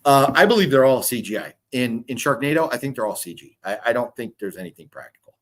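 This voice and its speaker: A man's voice: medium pitch, lively intonation, quick pace, a bit bright. Profane rambling man in his fifties. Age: 50s. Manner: rambling, profane, reads chat comments aloud. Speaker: livestream host. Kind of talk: casual livestream chat. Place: hotel room.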